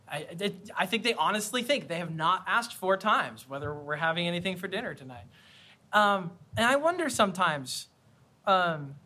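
A man's voice: high-pitched, sharp tone. A man preaching a sermon in an earnest, conversational way, often repeating and restarting phrases. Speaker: pastor.

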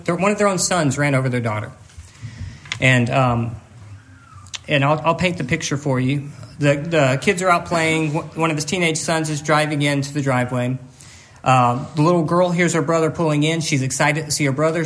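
A man preaching a sermon, earnest and emotional, often on the edge of tears, halting and repeating words as he goes. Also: a little high, fairly bright tone, slight background noise. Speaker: pastor.

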